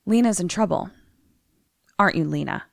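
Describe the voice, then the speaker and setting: A woman quoting a calm, gentle priest. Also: on the low side, moderate pace, creaky, no echo, clean studio sound. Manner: soft and composed. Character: calm, gentle middle-aged male priest.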